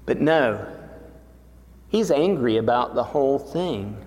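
A man's voice: mid-range voice, expressive, slow, pauses often, darkish tone. A man preaching a sermon, retelling a parable in a dramatic storytelling manner. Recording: long reverb of a large hall.

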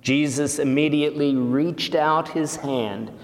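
A pastor preaching a sermon slowly and deliberately, rising for emphasis. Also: male voice, fairly high pitch. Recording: long reverb of a church hall.

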